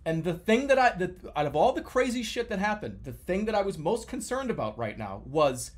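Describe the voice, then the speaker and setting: Animated young man telling dream stories. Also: sits high, a little fast. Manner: animated storytelling, acts out quotes with profanity. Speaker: streamer. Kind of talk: casual chat.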